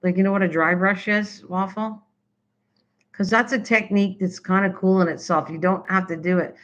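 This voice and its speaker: A woman's voice: medium pitch, fairly even intonation, moderate pace, a bit bright, lo-fi sound. An older woman from Canada hosting a casual craft live stream, rambling chattily and answering viewers' typed comments.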